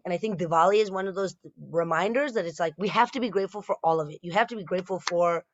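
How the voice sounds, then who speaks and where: Female stand-up comic, 30s, rambling and self-mocking, mid-pitched, dry, muffled recording. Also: brisk, no echo. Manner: chatty, self-deprecating, with frequent fillers and restarts. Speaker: stand-up comedian. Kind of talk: stand-up storytelling set.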